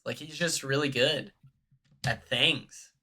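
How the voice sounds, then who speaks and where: Young male streamer, bright and tense tone, chatty and jokey, earbud mic. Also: medium pitch, slow pace. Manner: chatty, laughing, joking with chat. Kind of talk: casual gaming stream chat.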